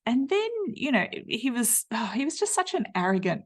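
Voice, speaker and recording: High-pitched and very animated, this Australian podcast host in her fifties, a menopause nutritionist, speaks at normal speed with hardly any pauses and a slightly rough voice. Her personal storytelling monologue is candid, chatty, blunt and slangy, packed with fillers.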